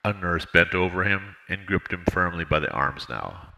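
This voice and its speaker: Low-voiced man narrating an audiobook. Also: gravelly, rough recording. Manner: measured steady reading.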